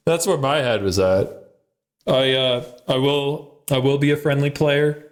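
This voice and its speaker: A man's voice: medium pitch, slow pace. A man hosting a podcast in casual chat, loose and profane, laughing often. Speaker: podcast host.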